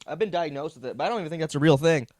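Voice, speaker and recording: A man's voice: fairly high pitch, expressive, very fast, darkish tone. A young man hosting a comedy podcast, ranting in a meandering, profane, self-deprecating way. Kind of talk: rambling comedic monologue.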